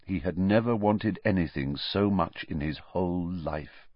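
A man reading a storybook aloud as narrator, measured and expressive. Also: sits low, no room sound, dull audio. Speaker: audiobook narrator.

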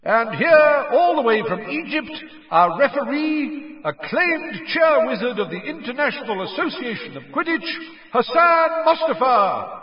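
A man voicing a grand stadium announcer, calling out names in a drawn-out, raised voice. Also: very high-pitched, sing-song, echoey room, big-room sound, dull audio, voice pushed up, heavily acted. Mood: grandiose. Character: booming stadium announcer, showy middle-aged man.

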